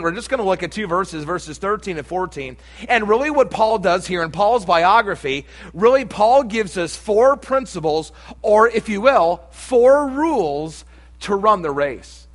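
A man's voice: sits high, a bit bright. A middle-aged man preaching a sermon, telling a humorous personal story with folksy asides before turning to scripture. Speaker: pastor.

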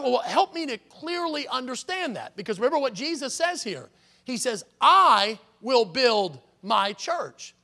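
High, gravelly, bright-voiced man preaching. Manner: emphatic preaching, repeats and stresses words. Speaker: pastor. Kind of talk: sermon.

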